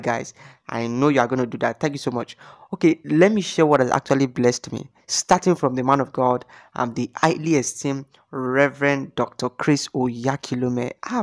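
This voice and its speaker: A man hosting his video channel, talking in a chatty, repetitive way and eagerly urging viewers to like and subscribe. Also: medium pitch. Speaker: channel host. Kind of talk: casual video commentary.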